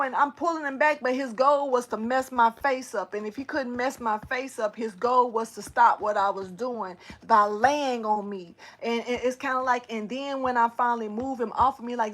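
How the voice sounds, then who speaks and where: A woman spiritual reader telling a story casually to her camera, animated and slangy, swearing and talking straight to her viewers. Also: high-pitched, moderate pace.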